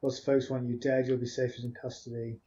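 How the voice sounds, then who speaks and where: A man's voice: mid-range voice, level tone, a little fast, lo-fi sound, crowd noise. A man hosting a game let's play, reading dialogue choices and commenting in a matter-of-fact way.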